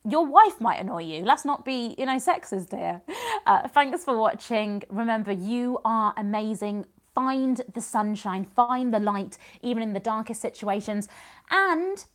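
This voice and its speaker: A woman in her thirties giving an earnest, reassuring motivational talk to her viewers, repeating her encouragements. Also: medium pitch. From United Kingdom. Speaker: vlogger and business community host. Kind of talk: casual motivational talk to camera.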